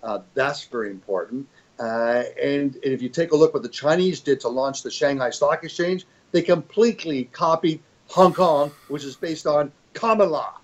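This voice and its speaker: A man's voice: on the high side, normal speed, highs cut off. An older man giving an interview as a fund executive, talking in a rambling, emphatic way with many restarts. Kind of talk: conversational interview.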